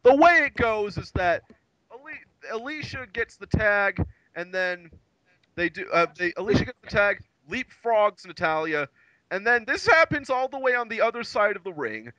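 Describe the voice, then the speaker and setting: A man's voice: high voice, big pitch swings, moderate pace, sharp tone, no room sound, dull audio. A man co-hosting a casual wrestling recap podcast, crude and joking, mocking what he recaps. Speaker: podcast co-host.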